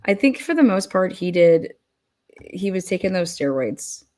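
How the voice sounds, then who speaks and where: A woman's voice: lowish voice, very animated, normal speed, mellow. A woman giving blunt, profane casual commentary, often acting out what others might say. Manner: blunt, profane, acts out people in quoted rants.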